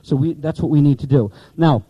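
A man's voice: on the high side, brisk, husky, no echo, dull audio. A man teaching the Bible to pastors in training, emphatic, repeating key words and quizzing the class while he writes on a board.

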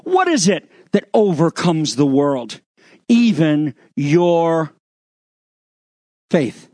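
A man preaching a sermon, retelling scripture with animated acted-out quotes and sarcastic asides. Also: a little high, very slow, no room sound. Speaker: pastor.

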